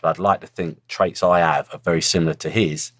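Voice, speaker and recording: Blunt middle-aged ex-pro, very low voice, close dry sound, casual storyteller. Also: male voice, fairly even intonation, fairly quick, fairly bright tone, dry recording. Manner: blunt, earthy storytelling with swearing. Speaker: former footballer, guest. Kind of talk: casual interview chat.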